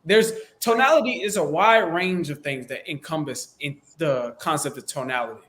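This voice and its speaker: A man from the States, coaching in a relaxed, slangy, conversational way on a close microphone. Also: on the high side, moderate pace. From Southern United States. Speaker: sales coach. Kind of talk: casual instructional talk.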